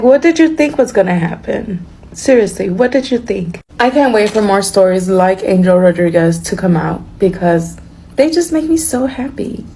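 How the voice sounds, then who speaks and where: A woman's voice: medium pitch, warm tone. A woman gloating sarcastically in a reaction video. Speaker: social media commentator.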